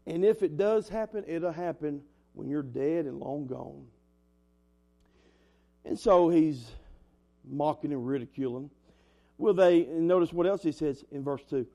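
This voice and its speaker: A man's voice: fairly high pitch, measured pace, vocal fry, pauses often, dark tone. A young man preaching an earnest, emphatic sermon as a pastor, in a folksy way. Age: young adult.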